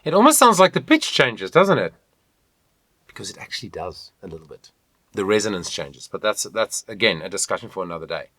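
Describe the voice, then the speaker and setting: Guy voice coach, lively up and down pitch, dry close sound, encouraging, hums examples. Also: a little fast, no room sound. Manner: animated, encouraging, demonstrates with hums and sung lines. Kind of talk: online vocal lesson.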